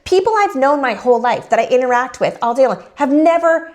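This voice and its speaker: Animated woman recounting a story. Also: high-pitched, brisk. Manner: animated storytelling, acts out quotes. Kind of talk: candid podcast conversation.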